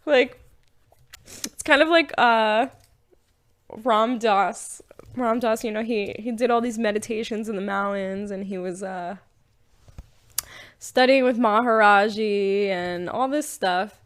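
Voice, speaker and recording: A young woman hosting a podcast, talking casually about spirituality in a chatty, animated way, with lots of fillers and frequent laughs. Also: mid-range voice, unhurried, long pauses. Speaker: podcast host.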